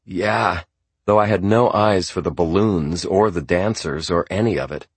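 A man narrating an audiobook in a measured, quiet, restrained way. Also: low-pitched, husky, dry recording. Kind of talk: scripted narration.

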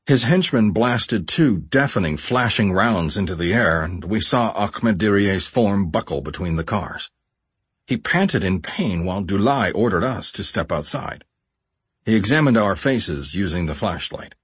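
A man reading a first-person memoir audiobook in a measured, expressive storytelling voice. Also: on the low side, slightly rough, no room sound. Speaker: audiobook narrator.

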